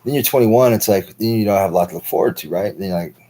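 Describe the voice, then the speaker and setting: Man, 30s, stream host. Low, husky, loose profane monologue. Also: fast, mellow, poor audio. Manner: profane, rambling, heavy use of filler words. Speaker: livestream host. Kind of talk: rambling monologue.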